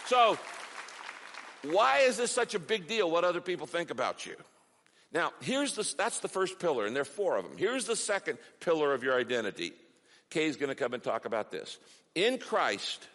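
A man's voice: on the high side, sing-song, moderate pace, fairly bright tone, some chatter behind. A middle-aged man preaching a sermon as pastor, with an emphatic, repetitive cadence. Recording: long reverb of a large hall.

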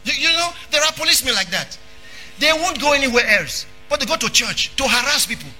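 Bright, high-voiced man preaching emphatically. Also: very animated, a little fast, faint music behind. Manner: emphatic, swings into shouting, repeats phrases. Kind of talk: sermon.

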